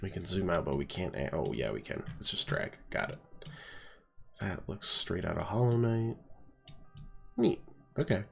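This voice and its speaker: A man's voice: deep voice, big pitch swings, normal speed, vocal fry, long pauses. A man with a stuffy nose giving casual, wry let's-play commentary, thinking aloud as he plays. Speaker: game streamer.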